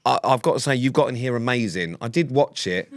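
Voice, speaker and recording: A man with an English accent co-hosting a podcast in casual chat, teasing his co-host with dry, deadpan digs and filler ums. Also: medium pitch, a little fast.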